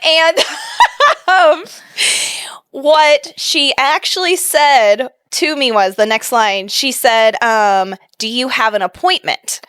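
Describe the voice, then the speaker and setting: A young adult woman co-hosting a podcast, telling stories in an animated way, often laughing. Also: sits high, slow pace, clean tone, dry recording. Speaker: podcast co-host. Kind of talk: casual chat.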